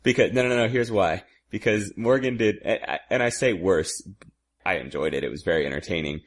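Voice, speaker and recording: A man's voice: sits low, fairly quick. A man in casual podcast chat, making teasing, wry remarks.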